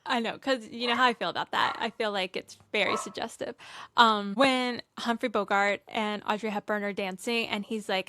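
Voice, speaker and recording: A young woman cohosting a podcast in casual chat, animated and retelling scenes with quoted voices. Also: mid-range voice, normal speed.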